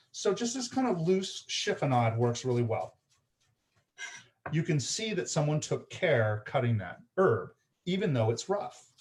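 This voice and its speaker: A man's voice: on the high side, a little mellow. A man hosting a live home cooking show, chatting casually as he explains each step and often checking in with "right?" and "okay?". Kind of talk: live-streamed cooking demonstration. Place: home kitchen.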